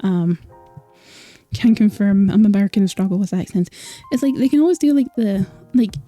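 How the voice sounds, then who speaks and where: A woman's voice: medium pitch, expressive, moderate pace, dark tone, soft background music. A young Scottish woman streaming, chatting casually with viewers and laughing often. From Scotland. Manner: chatty, laughing, filler-heavy.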